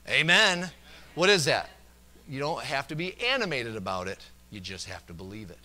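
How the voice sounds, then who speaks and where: Bright-voiced preacher quoting scripture. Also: male voice, fairly high pitch, wildly swooping pitch, moderate pace. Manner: swings between loud emphatic preaching and hushed, intimate asides; quotes scripture verse by verse. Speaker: pastor. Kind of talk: sermon. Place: church service.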